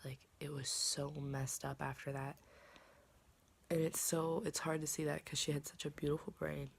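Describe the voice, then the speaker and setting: Young woman vlogger, low gravelly voice, rambling chatty delivery. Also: level tone, moderate pace, slight background noise. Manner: rambling, filler-heavy, drops into soft whispers. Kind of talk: casual personal vlog.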